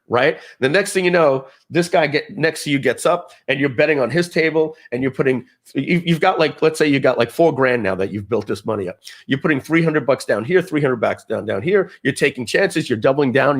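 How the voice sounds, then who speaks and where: A man leading a live software training webinar, chatty and animated, often acting out people's reactions as he tells stories. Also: mid-range voice.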